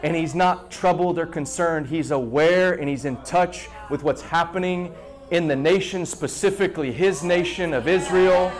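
A man preaching a sermon to a congregation in an animated way, repeating words and pausing for effect. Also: high voice. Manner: animated preaching with repetitions and dramatic pauses. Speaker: pastor.

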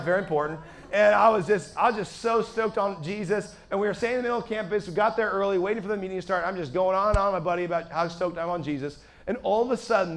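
A man preaching a testimony to a live crowd, animated, going from quiet asides to shouting when excited. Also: high-pitched. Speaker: evangelist preacher. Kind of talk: sermon testimony to a live audience.

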